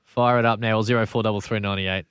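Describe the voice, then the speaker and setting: Fast-talking radio host. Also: male voice, fairly low pitch, steady tone, a bit bright, clean tone, dry recording, studio quality. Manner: brisk, upbeat, reading out phone numbers. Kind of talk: sports talk radio. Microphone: studio mic.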